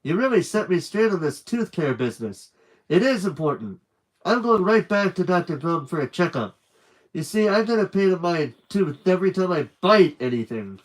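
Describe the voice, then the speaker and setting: A man voicing a big, pushy male bully in a storybook reading, loud and blunt. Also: high-pitched, big pitch swings, normal speed, pitched above the performer's own voice, poor audio. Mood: friendly. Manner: shouting, blunt.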